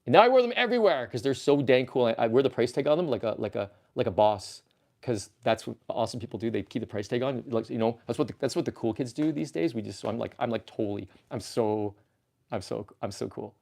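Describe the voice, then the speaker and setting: A man hosts a laid-back livestream from a room crammed with toys. He rambles goofily and reads the chat aloud, and his pitch jumps around a lot. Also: expressive, quick pace, creaky, darkish tone. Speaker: livestream host. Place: toy-filled room.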